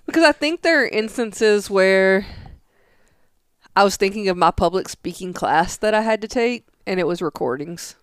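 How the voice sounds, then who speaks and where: A woman's voice: medium pitch, lively intonation, normal speed, clean tone, no room sound, clean studio sound. A young woman co-hosting a casual podcast, rambling and arguing her point with many fillers. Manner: rambling, argumentative, filler-heavy. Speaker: podcast co-host.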